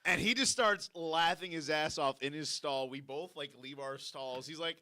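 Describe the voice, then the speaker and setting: A man's voice: a little high, moderate pace, bright, forceful tone. A man telling a rambling story on a casual podcast, full of stammered restarts and acted-out quotes.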